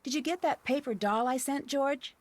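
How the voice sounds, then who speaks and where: A woman's voice: sits high, normal speed, dry recording, close to an everyday voice. An actress voicing a curious young woman detective in a video game, friendly and inquisitive.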